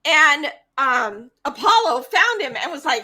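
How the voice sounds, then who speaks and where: A woman co-hosting a podcast, retelling myths in a casual, animated way and acting out the characters. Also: high-pitched, measured pace. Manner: animated retelling with acted-out voices. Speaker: podcast co-host. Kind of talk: casual storytelling.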